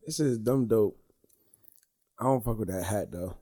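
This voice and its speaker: A man's voice: lowish voice, moderate pace, warm tone, husky. A man co-hosting a podcast in laid-back, giggly, slang-heavy casual chat. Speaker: podcast co-host.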